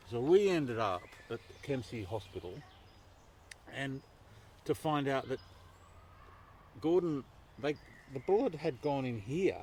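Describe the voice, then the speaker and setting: A man performs a story live outdoors to an audience, animated and quick to swear. His voice sits at an ordinary pitch, with faint outdoor noise behind it.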